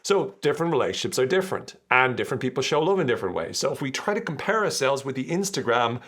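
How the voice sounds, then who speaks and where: A man's voice: mid-range voice, big pitch swings, quick pace, fairly bright tone. A man hosting a podcast, explaining ideas in a casual, chatty and jokey way. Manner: chatty, jokey, acts out quoted voices. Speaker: podcast host.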